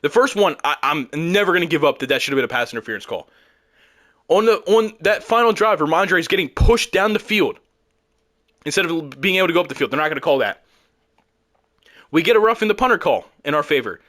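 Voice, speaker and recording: A man's voice: on the high side, animated, brisk, long pauses. Frustrated young man ranting over gameplay. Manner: frustrated, exasperated, swings into loud outbursts. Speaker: gaming YouTuber. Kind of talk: live gameplay commentary.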